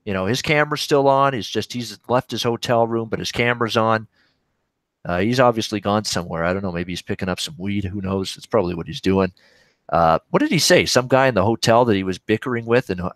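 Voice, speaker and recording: A Canadian man with a somewhat low voice rambles casually through viewer questions on a livestream. He breaks off mid-thought to react to the game he is watching. The sound is close and dry. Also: a bit bright, no echo. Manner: rambling, reacting live to games. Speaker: sports betting show host.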